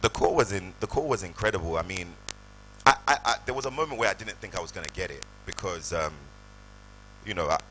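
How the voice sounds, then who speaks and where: A man, telling animated stories on stage at a live event. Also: sits low, quick pace, slight background noise, low-quality recording. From United Kingdom. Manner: animated, acts out voices in anecdotes. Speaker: guest actor. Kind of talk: storytelling on stage. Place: live event hall with audience.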